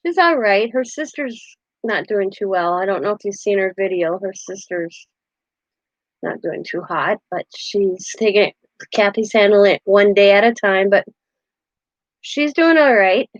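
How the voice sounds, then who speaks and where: A woman's voice: mid-range voice, measured pace, dry recording. Older lady chatting away on her craft livestream, laughs a lot, kinda muffled dry mic. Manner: chatty, laughs often, acts out quotes. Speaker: craft channel host. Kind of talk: casual live-stream chat.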